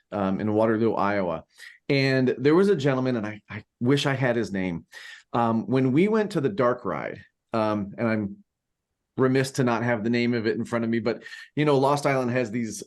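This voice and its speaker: A man co-hosting a podcast in casual chat, rambling with many fillers and restarts. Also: mid-range voice. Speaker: podcast co-host.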